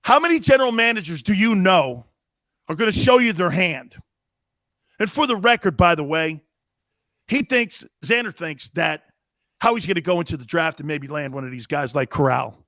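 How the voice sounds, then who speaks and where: Brash, animated male sports-talk commentator with a high voice; punchy, rhetorical delivery. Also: moderate pace, no room sound, clean studio sound. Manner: animated, emphatic, rhetorical questions.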